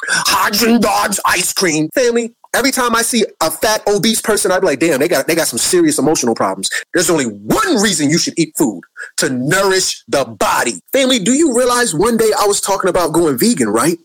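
A man's voice: high voice, very animated, fairly quick, fairly bright tone, husky, no echo. A man ranting on a live social media video, preachy and rambling, who keeps calling his viewers family.

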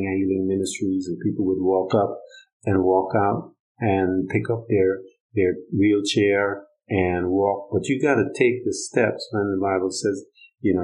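Low-voiced man preaching an informal rant. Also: a little mellow, poor audio. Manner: conversational, many fillers, acts out Bible dialogue.

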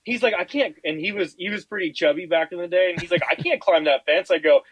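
A man on a podcast telling a rambling, profane story in casual chat, animated and acting out the quotes. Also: sits high, quick pace, a little hiss or hum, poor audio. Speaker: podcast guest.

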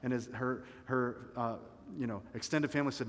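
A man's voice: mid-range voice, fairly even intonation, moderate pace, hardly any pauses, big-room sound. A male pastor preaching a sermon, telling a story dramatically and swelling and dropping his volume for emphasis.

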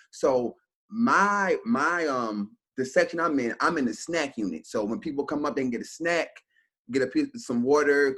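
A man, a teacher and podcast co-host, telling a story in a casual, animated way and acting out each person's lines. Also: medium pitch, slightly rough. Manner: animated storyteller who acts out the dialogue.

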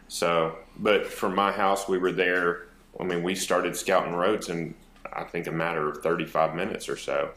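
A man's voice: low voice, moderate pace, echoey room. A man from North Texas co-hosting a podcast, chatting casually and rambling with fillers over a remote call. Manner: relaxed, rambling, hesitant with fillers. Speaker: podcast co-host. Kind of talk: casual chat.

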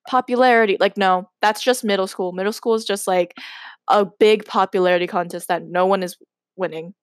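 A woman's voice: medium pitch, no echo, studio quality. A woman hosting a podcast, reading her old story aloud and breaking in with giggly, self-mocking asides. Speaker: podcast host.

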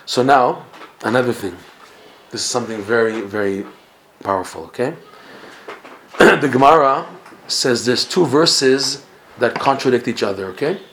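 A man tells a Torah story to a class, his delivery animated and full of Hebrew and Yiddish words. His voice sits in a middling range. The room around him rings with echo. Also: mid-range voice, normal speed, pauses often, background noise. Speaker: Torah teacher. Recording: echoey room.

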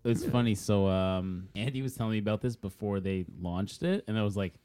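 A man co-hosting a podcast who joins the casual football chat with playful, deadpan boasting. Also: lowish voice, normal speed, hardly any pauses, clear, resonant tone. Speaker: podcast co-host.

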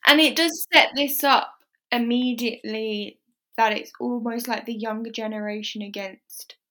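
A woman's voice: on the high side, fairly even intonation, fairly bright tone. A woman co-hosting a casual chat show, talking easily and laughing often. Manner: chatty, laughs easily, acts out lines in quick asides. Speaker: podcast co-host.

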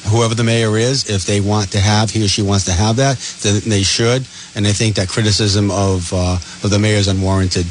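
A man co-hosting a call-in radio show, giving measured, opinionated commentary with frequent restarts. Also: lowish voice, steady tone, a little hiss or hum, low-quality recording. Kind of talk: casual call-in radio talk.

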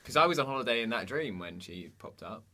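A young man, co-hosting a casual comedic chat with dry, deadpan jokes. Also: medium pitch, fast. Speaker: podcast co-host.

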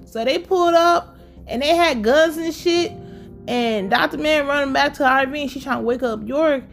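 A woman with a fairly high voice tells what happened in a TV episode in casual talk. She is animated and profane, and she laughs often as she goes. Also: moderate pace, soft background music. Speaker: show recap vlogger.

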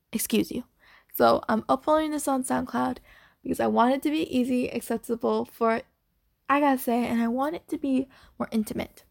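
Chatty young woman podcasting, high and gravelly. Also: no echo, studio quality. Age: young adult. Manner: scatterbrained, chatty and apologetic. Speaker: podcast host. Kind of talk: casual unedited podcast chat.

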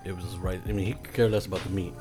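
Laid-back guy co-hosting, lowish voice, asks stuff, music playing behind. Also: steady tone, very fast. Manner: easygoing, asks questions. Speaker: podcast co-host. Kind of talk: casual podcast chat.

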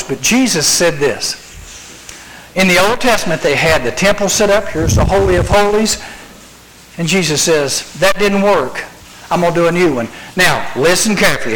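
A man preaching to a youth gathering, acting out scenes as he goes. His voice sits fairly high, and he keeps tossing out rhetorical questions. There is a faint hum of background noise behind him. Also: fairly bright tone, low-quality recording. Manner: dramatic storytelling with rhetorical questions; acts out scenes with a live demonstration. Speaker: youth speaker. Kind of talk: youth sermon.

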